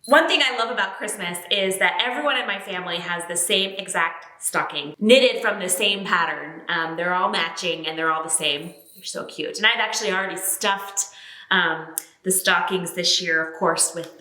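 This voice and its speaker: Bright-voiced woman in a comedy sketch. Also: fairly low pitch, unhurried, roomy sound. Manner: chatty, hesitant with fillers. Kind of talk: deadpan comedic character monologue.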